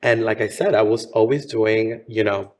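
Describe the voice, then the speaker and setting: A man's voice: fairly low pitch, normal speed, darkish tone. A man in his thirties, a drag performer from Miami, chatting campily in an interview and calling people honey. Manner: campy, chatty, says honey. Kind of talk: casual interview chat.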